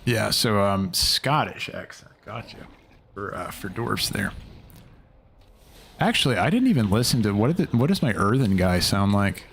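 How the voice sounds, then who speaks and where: A man's voice: fairly low pitch, animated, normal speed, vocal fry, fairly bright tone, a little hiss or hum. A young man streaming a video game live, chatting loosely and rambling, swearing casually as he plays.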